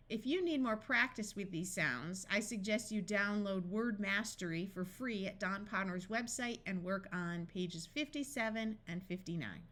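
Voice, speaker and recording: A woman teaching a phonics lesson, slowly sounding out letters and words one at a time with careful, deliberate delivery. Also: mid-range voice, fairly bright tone. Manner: slow and deliberate, stretching out each sound. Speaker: phonics tutor.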